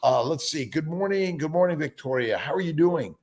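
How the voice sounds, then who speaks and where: A man's voice: fairly high pitch, expressive, fairly quick, noisy background. A man hosting a casual morning livestream, rambling with many fillers as he greets viewers by name. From United States. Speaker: livestream host.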